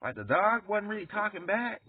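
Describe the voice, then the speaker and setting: Man, lively rambling monologue, husky and a bit high, dry and tinny phone-like audio. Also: normal speed, dry recording. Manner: animated, jumps into high squeaky voices for characters, laughs often. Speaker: music artist talking to viewers.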